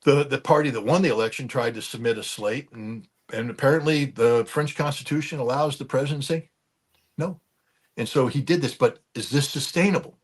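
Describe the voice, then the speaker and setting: A man delivers animated political commentary, blunt and emphatic, tossing in mocking asides. His voice has a husky, slightly breathy texture at a middling pitch.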